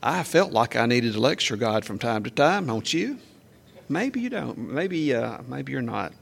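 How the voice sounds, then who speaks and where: A man preaching a sermon in a conversational way, asking the congregation questions and acting out quoted lines louder and higher. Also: big pitch swings, unhurried, gravelly, breathy edge. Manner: acts out quoted speech with raised pitch and volume. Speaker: pastor.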